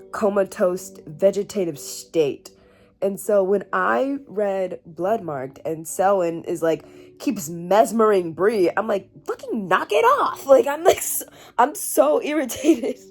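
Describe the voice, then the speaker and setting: A woman's voice: lowish voice, a little mellow. A woman in her twenties reacting to a book in a casual reading vlog, swearing, laughing and shrieking as she reads. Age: 20s. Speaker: book reviewer.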